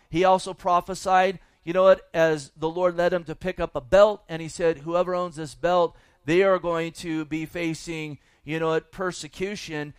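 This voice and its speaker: A man's voice: on the high side, smooth, no room sound. A man preaching a sermon as pastor, folksy and emphatic, with asides to the congregation.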